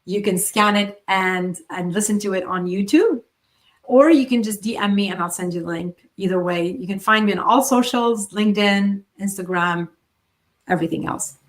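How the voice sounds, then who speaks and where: A woman hosting a solo motivational podcast, speaking in an earnest coaching tone with emphatic pauses. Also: mid-range voice. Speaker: podcast host.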